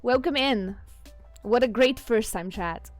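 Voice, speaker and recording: A woman with a non-native English accent chats casually on a stream, answering her viewers. Her fairly high voice often breaks into giggles. Faint music plays behind her. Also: a little slow. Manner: giggly, chatty, reads chat aloud.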